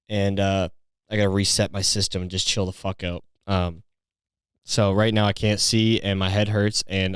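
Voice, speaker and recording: A man's voice: low voice, smooth, no echo. A man hosting a solo podcast, rambling through a story in a profane, incredulous way on a close mic. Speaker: podcast host.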